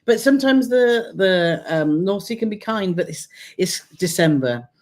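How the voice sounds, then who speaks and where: A middle-aged woman chats her way through a live stream, rambling a little and checking in with her partner through tag questions. Her voice sits at an ordinary middle pitch for a woman. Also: expressive, a little slow, darkish tone. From England near the Welsh border. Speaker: co-host of a travel channel live stream. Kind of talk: casual live-stream chat.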